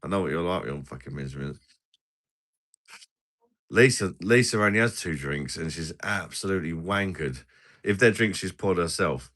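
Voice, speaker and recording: Deep British guy rambling over drinks. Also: lively intonation, moderate pace, a bit bright. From Britain. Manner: rambling, jokey banter with frequent laughs. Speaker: live-stream host. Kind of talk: casual live-stream chat while drinking.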